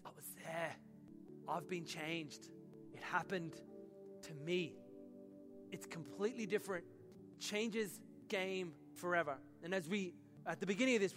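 Animated pastor preaching. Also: male voice, a little high. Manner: animated, rising to fervent peaks. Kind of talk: sermon.

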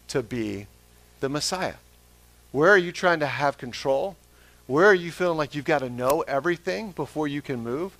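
A man's voice: medium pitch, a bit bright. A man preaching a sermon as pastor, asking the congregation question after question. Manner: asks the congregation repeated questions.

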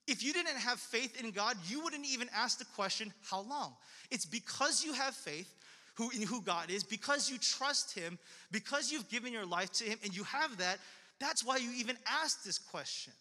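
A young male pastor delivers an earnest, casual sermon, leaning on repeated phrases and fillers. His voice sits high and sounds very bright. A long hall reverb trails behind every word.

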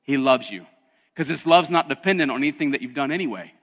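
A man's voice: mid-range voice, animated, fast, a bit bright, slightly rough, big-room sound. A man preaching a sermon as pastor, emphatic and conversational, often calling out to the congregation.

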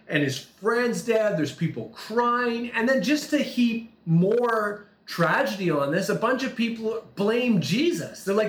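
A pastor preaches a sermon in a high voice with big pitch swings, working through a scripture passage conversationally. He drops quick asides and slows down for dramatic reading, and the room is echoey.

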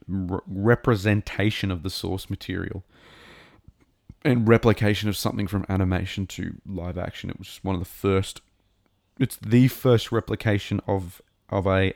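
Guy with a deep gravelly voice rambling on about an episode, lots of ums, dry close mic. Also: a little mellow, dry recording. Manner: rambling, enthusiastic, many ums and restarts. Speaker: show reviewer. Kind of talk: casual recap talk.

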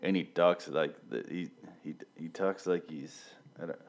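A man in his thirties hosting a casual solo review show. He talks in a rambling, irreverent way, swears a lot and keeps interrupting himself. His voice sits a little low, recorded close on a studio mic. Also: fairly even intonation, measured pace. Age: 30s. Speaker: podcast host reviewing a TV show. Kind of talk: casual, profane solo commentary. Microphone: studio mic with pop filter.

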